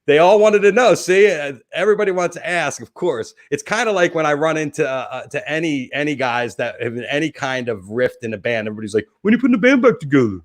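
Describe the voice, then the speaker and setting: A man's voice: a little high, fairly quick, few pauses. A man with a New Jersey accent hosting a casual interview, rambling enthusiastically with lots of restarts. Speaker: host.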